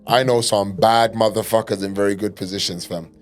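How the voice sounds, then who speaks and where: A man's voice: lowish voice, steady tone, fairly quick, faint music behind. A young man hosting a casual podcast chat, loose and joking with plenty of slang and swearing. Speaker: podcast host.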